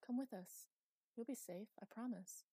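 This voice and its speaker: A gentle young heroine in an audiobook, as a woman narrator puts her on, pleading softly with a warm, mellow voice. The read is dry and close. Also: a little high, normal speed, husky, no echo, voice pushed up.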